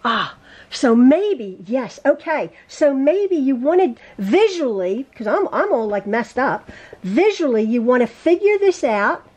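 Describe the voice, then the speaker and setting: A woman teaching a quilting lesson in her home sewing room, chatty and quick to laugh at and correct her own mistakes. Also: high voice, very animated, darkish tone. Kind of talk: casual sewing tutorial.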